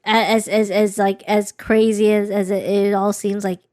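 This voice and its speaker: A woman's voice: mid-range voice, level tone, moderate pace, a little mellow, no echo, studio quality. A young woman co-hosting a podcast, telling a personal story in a candid, rambling way with many restarts. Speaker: podcast co-host. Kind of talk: casual chat.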